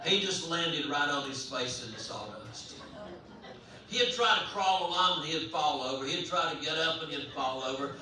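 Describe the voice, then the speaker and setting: Animated storyteller man in an echoey hall. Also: on the high side, moderate pace. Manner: animated, comic, folksy delivery. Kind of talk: live storytelling performance. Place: large hall at a residential campus. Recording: echoey hall, voice from far off, faint hum.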